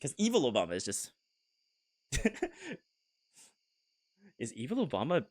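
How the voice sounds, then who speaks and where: A man's voice: medium pitch, wildly swooping pitch, a little slow, a little mellow. A man streaming a game in casual chat, self-deprecating and giggly, often stammering and restarting his sentences.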